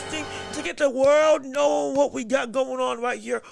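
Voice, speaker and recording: A man hosting a live boxing podcast stream, greeting chat viewers and talking in an energetic, excitable way with frequent restarts. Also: very high voice, moderate pace, creaky, music in the background. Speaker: podcast host.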